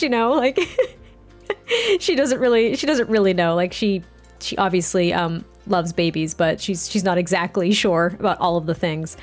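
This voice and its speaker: A woman's voice: on the low side, lively intonation, moderate pace, soft background music. A woman hosting a game let's play, chatting casually with frequent laughs and rambling asides. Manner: chatty, giggly, rambling with fillers.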